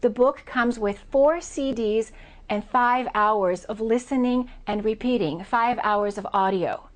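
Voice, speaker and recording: Slow, deliberate American woman teacher. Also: a little high. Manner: slow, deliberate, over-articulated demonstrations. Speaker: accent reduction trainer. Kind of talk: pronunciation lesson.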